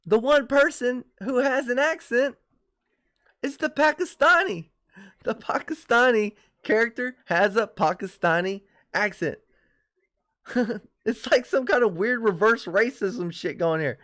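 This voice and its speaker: Guy ranting solo on his podcast, kinda high voice, cussing a lot. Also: takes it slowly. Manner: profane, animated ranting with laughs. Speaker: podcast host. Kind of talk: casual solo podcast rant.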